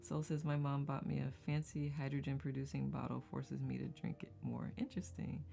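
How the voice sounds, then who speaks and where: A chatty woman hosts a casual live stream, reading out comments with frequent laughs and rambling asides. Her voice is gravelly and dark in tone, with soft music playing faintly behind her. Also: extremely low pitch, level tone, fairly quick. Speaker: host of a live community circle.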